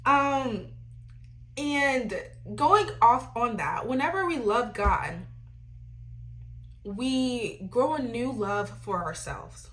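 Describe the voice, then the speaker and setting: A young adult woman hosts a podcast, giving emphatic faith-based advice in a lively, ranting way. Her voice sits a little high, and she often asks "you know what I'm saying."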